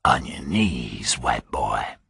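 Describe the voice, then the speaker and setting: A hulking, menacing prison gang bully taunts in a low, quiet drawl, as a male audiobook narrator puts him on. The voice sits well below the reader's own and stays husky. It comes across dry and close, with no room around it. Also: sing-song, slow, no echo, exaggerated voice. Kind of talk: audiobook character voice.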